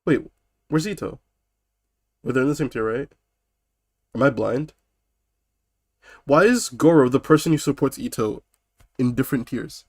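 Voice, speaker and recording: A man's voice: medium pitch, normal speed, long pauses, a little mellow, dry recording, studio quality. A man casually reacting on a live stream, swearing and scoffing in disbelief. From United Kingdom. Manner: incredulous, swearing, laughing mockery.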